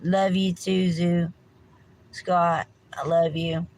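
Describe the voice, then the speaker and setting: A woman's voice: fairly low pitch, flat delivery, slow pace, darkish tone, a little hiss or hum, low-quality recording. A middle-aged woman, hosting a livestream with a meandering rant, swearing freely and apologizing often. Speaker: livestream host.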